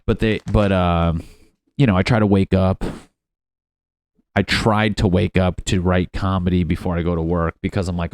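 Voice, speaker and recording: Low-voiced man rambling on a solo podcast. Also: flat delivery, moderate pace, a little mellow, no echo. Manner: profane, self-deprecating, rambling. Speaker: comedian podcast host. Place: at home in his apartment.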